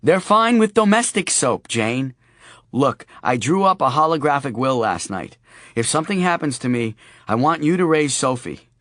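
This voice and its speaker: A man's voice: mid-range voice, very animated, normal speed, a bit bright, dry recording, pitched above the performer's own voice. A male narrator voicing a worried young father with wry, earnest humor, recorded dry and close.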